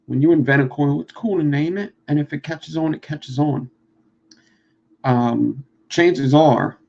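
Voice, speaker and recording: A man with a Philadelphia accent talking fast and swearing freely while teaching coil building on a live stream. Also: mid-range voice, vocal fry, husky, highs cut off. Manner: fast-talking, profane, rambling. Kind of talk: casual live-stream chat.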